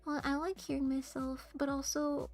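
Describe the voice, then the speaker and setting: A high-pitched young woman streamer speaking into a desk mic. She chats casually to her viewers in a quiet, flat monotone. Faint music plays softly behind her. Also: normal speed. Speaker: VTuber streamer. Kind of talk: casual livestream chat.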